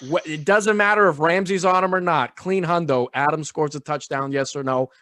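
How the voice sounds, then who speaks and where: A man co-hosting a sports podcast, joking and talking with crude, animated banter. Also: on the high side, normal speed, dry recording, clean studio sound. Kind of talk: casual sports analysis chat.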